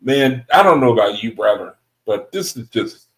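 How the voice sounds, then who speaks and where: Excitable man leading a scripture study. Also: mid-range voice, moderate pace, low-quality recording. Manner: excitable, laughing, talks to the group as brethren. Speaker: Bible study leader. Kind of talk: reading scripture aloud and commenting.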